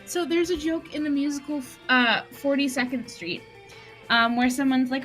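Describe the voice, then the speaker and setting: A woman's voice: high voice, normal speed, a bit bright, faint music behind. A tipsy woman reading game text aloud in a giggly, playful way during a casual let's play.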